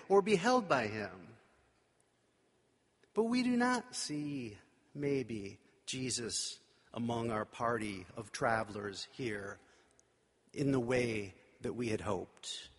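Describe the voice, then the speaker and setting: A man's voice: mid-range voice, sing-song, slow, breathy edge. A male pastor giving a sermon in a conversational, wry way, with playful asides. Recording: long reverb of a large hall.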